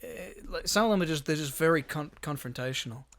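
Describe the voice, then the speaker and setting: A man's voice: on the high side, fast talker, a bit bright, dry recording. A young man co-hosting a podcast, telling rambling, sweary stories in casual chat. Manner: rambling storyteller, lots of swearing and restarts. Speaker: podcast co-host.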